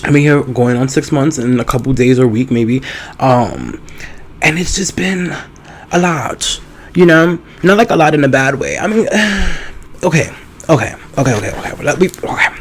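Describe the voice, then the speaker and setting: A man hosting a podcast, talking loud, campy and playful in casual chat. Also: mid-range voice, animated, normal speed, slight background noise. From New York. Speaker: podcast host.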